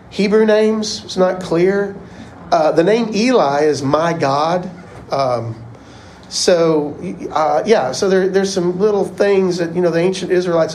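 A man's voice: a little high, a little mellow, a little hiss or hum, low-quality recording. A man teaching a casual Bible class, chatty and rambling. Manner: chatty, rambling, uses "y'all".

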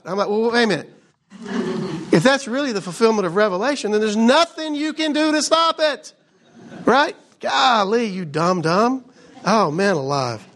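Male Bible teacher, chatty sermon delivery, raspy fry in a slightly high voice. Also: a bit bright. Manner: conversational, keeps asking "right?". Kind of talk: casual sermon.

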